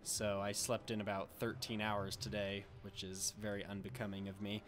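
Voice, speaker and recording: Man casting a strategy battle, somewhat low voice. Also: normal speed, music in the background. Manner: relaxed and rambling, with frequent filler and self-corrections. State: slightly under the weather, occasional coughing. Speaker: game commentator. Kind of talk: casual gameplay commentary.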